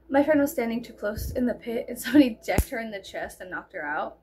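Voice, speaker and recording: Fast and animated, with few pauses, this South Texas woman in her thirties speaks at a fairly high pitch. A storyteller vlogger, she meanders through a casual tale full of fillers and free swearing, over faint background noise.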